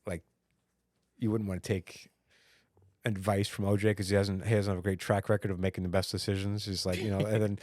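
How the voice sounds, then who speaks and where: Rambling low-voiced comedian man. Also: little pitch movement, a little fast, darkish tone, no echo, clean studio sound. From United States. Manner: rambling storyteller, many fillers and restarts. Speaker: podcast co-host; stand-up comic. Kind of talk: casual chat.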